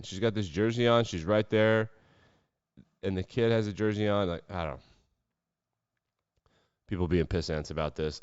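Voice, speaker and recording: A man's voice: on the low side, moderate pace, pauses often, clear, resonant tone, dry recording. A man hosting a sports podcast, giving casual commentary full of wry, sarcastic asides. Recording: dull lo-fi dry sound.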